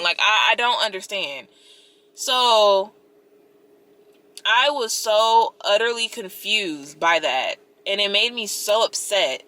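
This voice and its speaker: A young woman telling her breakup story and giving advice in a casual, expressive vlog, talking straight to viewers with lots of "like"s. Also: medium pitch, slow pace, no room sound. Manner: expressive, talks to viewers directly, many "like"s. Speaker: vlogger.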